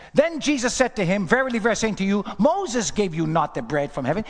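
A man's voice: sits high, expressive, fast talker, few pauses. A man preaching a sermon in a church, asking the congregation question after question. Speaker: pastor. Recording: long hall reverb.

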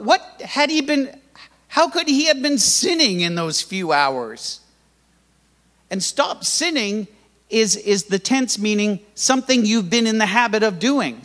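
Older guy pastor giving a sermon, fairly high voice, jokey and lively, big church hall echo. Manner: lively, humorous preaching with sudden loud rises.

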